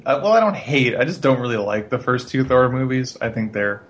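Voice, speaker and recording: A man's voice: mid-range voice, expressive, fairly quick. A man co-hosting a casual podcast, joking wryly and swearing casually. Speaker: podcast co-host. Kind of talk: casual chat.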